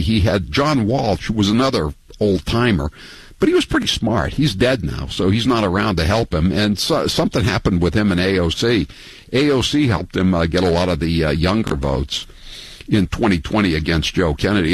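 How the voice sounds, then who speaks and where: A man's voice: sits low, breathy edge, no echo, poor audio. A man hosting a call-in radio show, telling rambling, mocking stories between callers. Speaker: talk radio host. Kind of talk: casual call-in radio chat.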